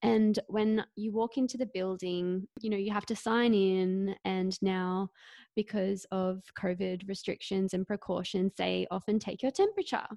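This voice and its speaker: A woman's voice: mid-range voice, steady tone, moderate pace, gravelly, mellow, no room sound. A young woman co-hosting a podcast, telling an embarrassing story in an easygoing, amused way. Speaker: podcast co-host. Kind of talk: casual chat.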